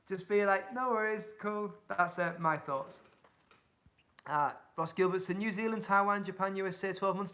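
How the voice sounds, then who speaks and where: Casting: young yorkshire guy, hull accent, a bit high-voiced with some fry, friendly livestream chatter. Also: bright, forceful tone. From England. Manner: chatty, reads out viewer comments, upbeat and encouraging. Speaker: touring cyclist answering live chat. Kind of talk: casual livestream chat.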